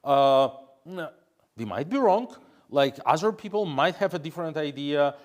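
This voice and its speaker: Man, halting interview answers. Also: on the high side, expressive. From Russia. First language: Russian. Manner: hesitant, many fillers and restarts. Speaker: interview guest, opposition politician.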